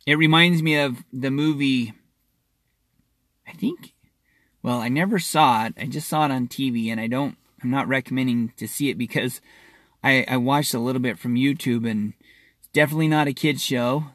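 Halting, earnest man, dry close sound. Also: medium pitch, fairly bright tone, no room sound. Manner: halting and repetitive, often restarting and doubling words; reassuring, earnest. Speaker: wellness practitioner addressing listeners. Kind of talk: casual spoken monologue to listeners.

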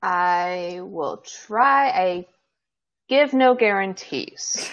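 A woman answers in short, dry, playful lines as a tabletop game player. She speaks slowly, and her voice comes through a dull, muffled, lo-fi microphone. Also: mid-range voice, a bit bright.

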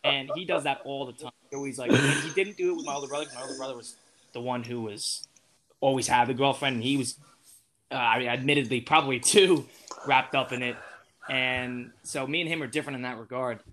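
A man's voice: medium pitch, fairly even intonation, brisk, fairly bright tone, a little hiss or hum. An eighteen-year-old man chatting casually as a podcast guest, rambling with lots of fillers and restarts. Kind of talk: casual chat.

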